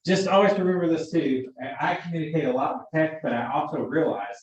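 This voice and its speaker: A man's voice: on the high side, a little fast, darkish tone. A man teaching a class for emergency medical technicians, telling work stories and acting out the dialogue. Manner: chatty storyteller, acts out quoted dialogue. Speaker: EMT instructor. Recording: echoey room, far from mic, dull sound.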